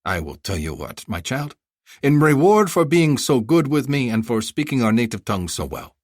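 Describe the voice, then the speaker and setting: A man voicing a fawning, talkative male bazaar vendor who flatters and haggles. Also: medium pitch, moderate pace, no echo, clean studio sound, voice pushed up. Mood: effusive.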